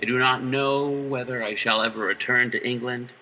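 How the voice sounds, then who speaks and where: Guy reading as a stern grim old-timey doctor, barking orders, bright sharp voice, kinda far from the mic w faint music. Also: medium pitch, steady tone, moderate pace, muffled recording. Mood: somber. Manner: loud commanding declarations.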